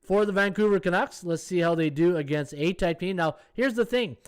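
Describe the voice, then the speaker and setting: A man hosting a sports betting live stream in a casual, thinking-aloud way. His voice sits a little high for a man. He chats his way through odds and viewer comments. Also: fairly quick, clear, resonant tone. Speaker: sports betting podcast host.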